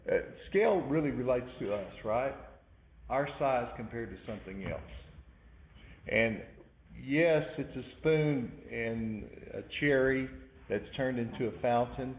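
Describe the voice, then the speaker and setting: A man teaching an art class, recapping in a rambling way with many fillers and asides. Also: medium pitch. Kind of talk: recorded lecture recap. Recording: echoey room over a tinny phone-like line with faint noise.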